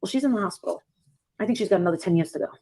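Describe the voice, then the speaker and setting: A woman's voice: mid-range voice, racing, mellow, slightly rough, no room sound. A woman hosting a livestream, chatting bluntly with callers, swearing freely and acting out quoted dialogue. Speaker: livestream host. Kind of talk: casual livestream chat with callers.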